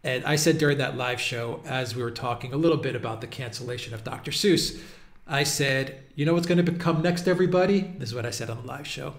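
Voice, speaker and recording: A man's voice: medium pitch, fairly even intonation, fairly quick, fairly bright tone. Exasperated man with an echoey room sound. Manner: exasperated, mocking, laughs often. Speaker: political video host. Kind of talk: casual commentary monologue.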